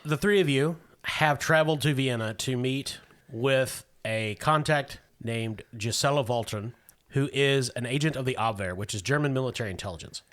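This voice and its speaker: A man's voice: mid-range voice, normal speed, a bit bright. A man running a tabletop game, narrating scenes steadily and breaking in with casual asides. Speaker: game master.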